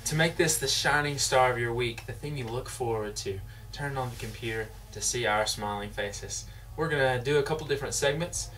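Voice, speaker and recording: A man co-hosting a web show, introducing it in a wry, halting way. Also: medium pitch, a bit bright, distant mic, slight background noise, poor audio. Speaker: co-host. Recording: voice from afar.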